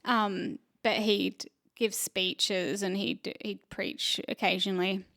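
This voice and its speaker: A woman's voice: mid-range voice, level tone, slow pace, gravelly, fairly bright tone, no room sound, clean studio sound. A woman, an actor and comedian, telling a story in a rambling, casual way, with lots of fillers and restarts. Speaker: podcast guest, actor and comedian. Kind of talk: casual chat.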